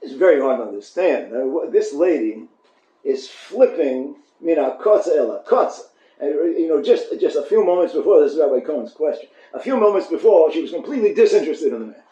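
A man teaching a Torah class, animated and storytelling, often restarting his phrases. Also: a little high, a little fast. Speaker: rabbi giving a Torah class. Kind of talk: Torah lecture. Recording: echoey room, dull lo-fi sound.

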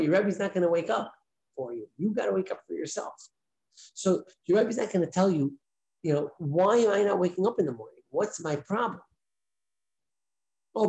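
Heard on a low-quality recording, this rabbi's high-sitting voice leads a relaxed daily class. He speaks conversationally, goes over his points more than once and asks rhetorical questions.

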